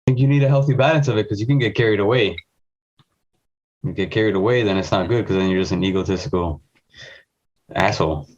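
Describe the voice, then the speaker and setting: A man with a husky voice co-hosting a casual podcast. He gives blunt opinions and laughs often as he talks with his friends. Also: lowish voice, fast talker, pauses often, lo-fi sound. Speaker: podcast co-host.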